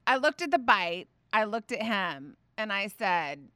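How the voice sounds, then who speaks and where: A woman, hosting a faith podcast and telling a family story in a chatty, animated way full of fillers. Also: mid-range voice, unhurried, hardly any pauses, clean tone, no room sound, clean studio sound. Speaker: podcast host.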